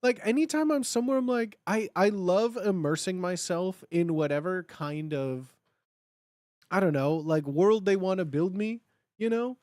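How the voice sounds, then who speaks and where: A streamer in their thirties from the Chicago area, chatting casually at home in a rambling way with sudden excited bursts. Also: normal speed, no room sound, clean studio sound. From Chicago area, United States. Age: 30s. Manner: animated, with sudden high bursts when acting out cheering; rambling, many fillers and restarts. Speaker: livestream host. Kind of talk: casual livestream chat.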